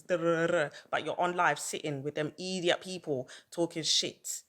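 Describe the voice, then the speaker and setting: A woman's voice: on the low side, measured pace, hardly any pauses, a bit bright. A woman ranting on a livestream, heated and repetitive, hammering her points over and over. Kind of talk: livestream rant.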